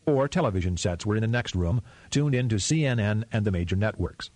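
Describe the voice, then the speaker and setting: A man reading a thriller novel aloud as narrator, in a steady, measured reading. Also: fairly low pitch, no room sound. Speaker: audiobook narrator. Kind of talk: scripted narration.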